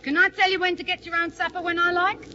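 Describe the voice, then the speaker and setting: An actress playing a chatty, teasing working-class wife in a wartime air-raid shelter, in 1940s radio acting. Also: female voice, very high-pitched, level tone, quick pace, sharp tone. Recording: muffled 1940 radio broadcast with hiss.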